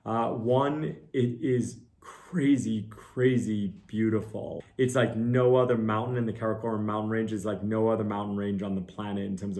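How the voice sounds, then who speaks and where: A middle-aged mountain guide with a fairly low, slightly mellow voice answers viewer questions casually and earnestly. He thinks out loud, using fillers and poking fun at himself.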